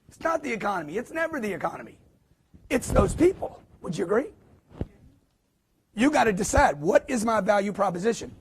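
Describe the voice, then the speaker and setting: A man giving a live motivational sales talk to an audience, emphatic and preachy, with punchy repetition and quick acted-out quotes. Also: very high voice, sing-song, slight background noise. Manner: acts out quotes in put-on voices.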